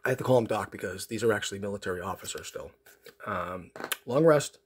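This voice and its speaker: A man's voice: lowish voice, lively intonation, fast talker, a little hiss or hum. A man opening card packs on his channel, chatting casually in a rambling, sarcastic way with lots of fillers and restarts. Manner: sarcastic, self-mocking storyteller. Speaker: card pack opening vlogger.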